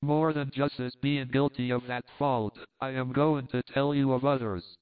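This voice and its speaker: A man's voice: mid-range voice, steady tone, moderate pace, close to an everyday voice. A man voicing a coquettish countess who teases in broken English. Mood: teasing. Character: flirtatious Italian countess, woman, coquettish. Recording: phone-like thin sound.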